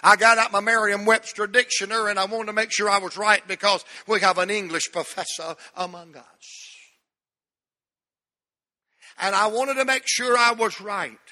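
A man's voice: sits high, steady tone, moderate pace, pushed and bright, in a large hall. A man in his sixties preaching a sermon as pastor in a church, emphatic and repeating key words for stress. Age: 60s.

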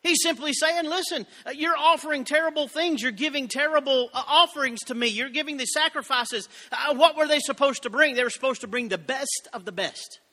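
A man's voice: very high voice, fairly quick, few pauses, sharp tone, long reverb tail. A man preaching a sermon, reading scripture and telling folksy, joking asides to his congregation. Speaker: pastor.

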